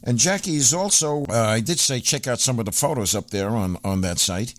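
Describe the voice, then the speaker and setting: A man's voice: medium pitch, lively intonation, brisk, no room sound. A man hosting an oldies radio show, chatting casually with many fillers.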